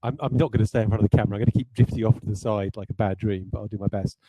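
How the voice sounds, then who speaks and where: Man, game designer, design stream chat, hesitant and self-deprecating, mellow voice, dry close recording. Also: lowish voice, steady tone, racing, slightly rough, no room sound, low-quality recording. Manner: rambling, self-deprecating, many fillers and restarts. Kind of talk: livestreamed design talk.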